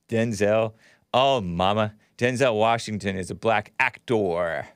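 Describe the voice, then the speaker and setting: A man hosts a radio call-in talk show, chatting casually, laughing often, and reading out listener comments. His mid-range voice is a bit bright, clear and resonant, captured in clean studio sound without echo.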